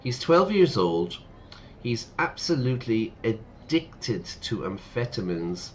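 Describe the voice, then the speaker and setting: A man's voice: medium pitch, very animated, slow pace, slight background noise. A man, an English teacher streaming a game, chatting casually, explaining slang words and laughing often. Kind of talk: casual explanation while playing.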